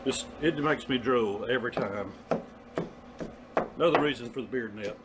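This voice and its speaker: A man's voice: mid-range voice, normal speed, noisy background. A man with a Southern US accent, hosting a casual cooking vlog in a folksy way and calling his viewers y'all. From Southern United States. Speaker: cooking vlogger.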